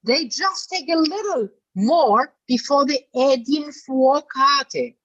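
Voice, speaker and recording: A woman's voice: high-pitched, takes it slowly, fairly bright tone. A woman leading a singing masterclass, coaching a singer bluntly but affectionately and calling her darling. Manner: blunt, chatty, full of fillers. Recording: dull lo-fi recording.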